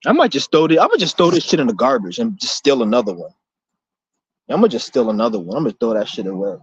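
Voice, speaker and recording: A man's voice: mid-range voice, sing-song, quick pace, husky, dry recording, lo-fi sound. A young man hosting a livestream Q&A outdoors in the rain, rambling in loose, profane street talk full of restarts. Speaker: streamer hosting a Q&A.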